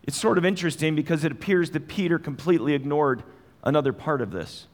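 A man's voice: on the high side, quick pace, in a large hall. A man preaching a sermon in a conversational way, asking his listeners direct questions. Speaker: pastor.

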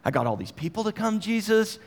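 A man voicing an excited, exasperated male disciple who scolds his teacher in high, incredulous, pleading tones. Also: brisk, big-room sound, full character voice.

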